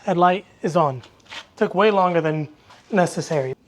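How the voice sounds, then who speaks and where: A car-build vlogger narrating a rebuild in an upbeat, excitable, jokey way. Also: mid-range voice, normal speed, very noisy. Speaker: channel host.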